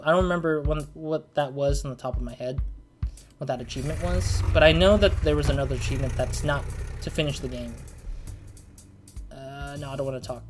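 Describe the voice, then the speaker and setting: A casual let's play host narrates a detective game at a mid pitch, reading its text and then wandering into asides. The delivery is rambling and self-conscious, full of restarts and apologies, with soft music in the background.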